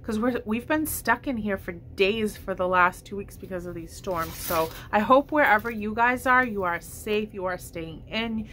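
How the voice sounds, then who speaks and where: A woman with a medium-pitched, sharp-toned voice chats casually to camera at home, showing off a shopping haul. She's upbeat and rambling and has hiccups. A little hiss or hum is audible.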